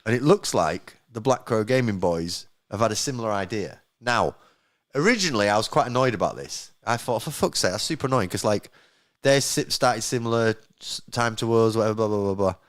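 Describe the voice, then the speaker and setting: Sweary podcast host. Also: male voice, on the low side, expressive, a little fast. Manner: sweary, self-mocking, talks to the live chat. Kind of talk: casual banter on a live podcast.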